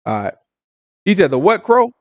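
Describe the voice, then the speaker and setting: A man's voice: high voice, sing-song, moderate pace, dry recording, lo-fi sound. A man teaching a casual Bible lesson, retelling scripture in street slang and acting out the voices of onlookers while checking in with his listeners.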